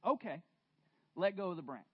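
A man preaching voices God speaking down to a man on a cliff, calm, quiet and gently firm. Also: high voice, moderate pace, breathy edge, dry recording, lo-fi sound.

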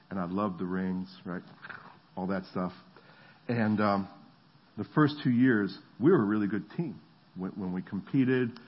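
A middle-aged man preaching a sermon, telling stories in an animated way and acting out the voices of the people in them. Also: lowish voice, husky, dull audio. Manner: animated storytelling, acts out voices. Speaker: pastor.

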